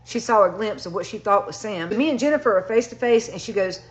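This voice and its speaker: A woman's voice: mid-range voice, animated, quick pace. A woman telling a first-person story in a conversational way, full of "like".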